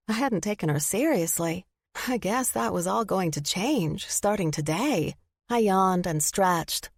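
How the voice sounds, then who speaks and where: Low-voiced woman narrating an audiobook. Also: moderate pace, no room sound, clean studio sound. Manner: even and storytelling. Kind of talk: first-person romance audiobook narration.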